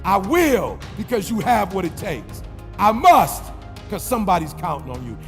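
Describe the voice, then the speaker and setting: High-voiced man giving a motivational speech. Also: very animated, normal speed. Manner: call-and-response, rhythmic and preacher-like. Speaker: motivational speaker. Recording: long reverb with faint music.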